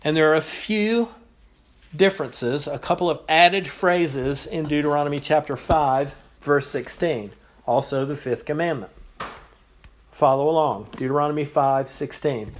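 A man preaching an expository sermon, teaching in a measured way with pauses and repeated phrases. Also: fairly high pitch.

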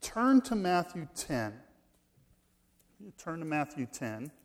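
A man preaching a sermon, reading scripture aloud and shifting between loud emphasis and quiet asides. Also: a little high, sing-song. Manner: reads scripture slowly, swings from loud stress to quiet asides. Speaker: pastor.

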